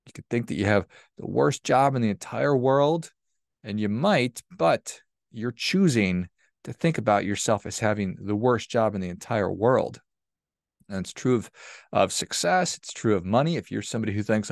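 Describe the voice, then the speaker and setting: A man's voice: mid-range voice, lively intonation, a little fast, gravelly, a little mellow, dry recording, clean studio sound. A man hosting a podcast, giving a motivational monologue in a conversational, emphatic way that repeats points for stress. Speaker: podcast host.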